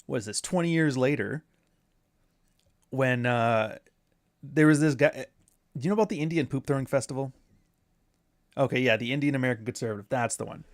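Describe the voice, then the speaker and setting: A man's voice: mid-range voice, brisk, pauses often, dry recording, studio quality. A man doing casual commentary, rambling through sarcastic asides. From Canada. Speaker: commentary host.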